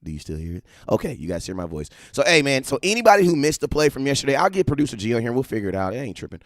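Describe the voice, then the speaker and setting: Excitable man streaming football talk. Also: mid-range voice, rapid-fire, no room sound, studio quality. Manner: animated, excitable, lots of slang and repeated phrases. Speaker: live-stream sports talk host. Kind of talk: casual live-stream commentary.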